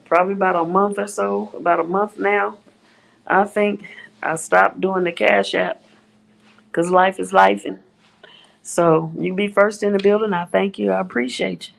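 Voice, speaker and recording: Woman, livestream host; slow, playful drawl, gravelly tone. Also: mid-range voice, a little hiss or hum, low-quality recording. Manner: drawling, playful, greets viewers by name. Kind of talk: casual livestream chat greeting viewers.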